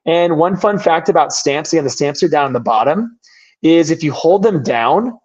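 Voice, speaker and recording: Hoarse man hosting an online workshop. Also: fairly high pitch, expressive, moderate pace, a little mellow. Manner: upbeat, chatty, jokey. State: hoarse, voice worn out from talking all day. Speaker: workshop host. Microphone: video call. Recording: dull lo-fi call audio.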